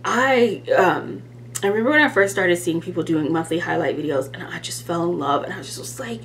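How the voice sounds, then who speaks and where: A woman vlogger talks casually to camera in a slightly low voice. Her talk is rambling and self-deprecating, full of ums and restarts. A faint hum sits underneath her voice. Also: a little fast, fairly bright tone. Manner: chatty and self-deprecating, with many fillers. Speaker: planner vlogger.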